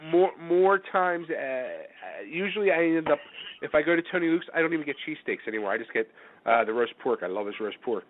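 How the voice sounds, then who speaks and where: A man's voice: fairly high pitch, very animated, brisk, no echo. A man hosting a show, chatting with easy, friendly banter over the phone. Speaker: radio host. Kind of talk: casual chat. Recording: tinny phone line.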